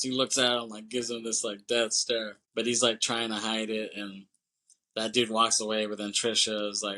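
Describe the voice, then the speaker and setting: Podcast guy chatting loose about a movie, swears a lot, bright forward voice. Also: fairly low pitch, flat delivery. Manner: rambling, swears casually, acts out movie lines in quick voices. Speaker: podcast co-host. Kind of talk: casual movie chat.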